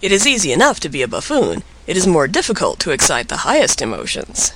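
A boastful storybook jackal, read by a man, drawls his grudging remarks. The voice sits on the high side and swings freely. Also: huge pitch swings, quick pace, pushed and bright, a little hiss or hum, heavily acted, low-quality recording. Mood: lofty. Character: sly male jackal, boastful and sulky.

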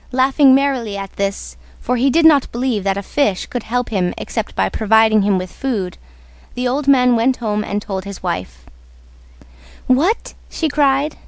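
Woman reading a storybook slowly. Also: on the high side, dry recording. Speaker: story reader. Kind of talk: slow storybook narration on radio.

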